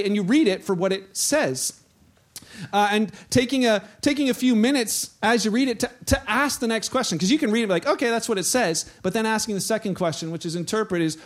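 High-voiced storytelling pastor, a man. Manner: storytelling, acts out quoted voices. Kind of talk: sermon.

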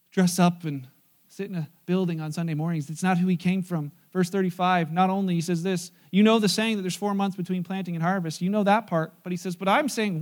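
Man pastor, high voice, animated sermon storytelling that acts out the characters.

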